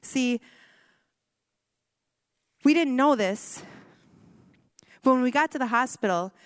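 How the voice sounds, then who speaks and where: A woman in her thirties tells a family story to a gathering, voicing the people in it and joking at her own expense. Her voice sits a little high, picked up close and dry but trailing a long hall reverb. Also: animated, normal speed. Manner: storytelling with self-deprecating humor and quoted dialogue. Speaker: speaker telling a personal story. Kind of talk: personal testimony talk.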